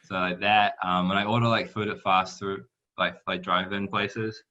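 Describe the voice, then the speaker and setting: A young man with a New Zealand accent talks in a relaxed, filler-heavy way. His voice sits low but has a tense, forceful brightness. The sound is slightly muffled and lo-fi. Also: normal speed. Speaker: soccer player guest. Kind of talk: casual interview chat. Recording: dull lo-fi sound.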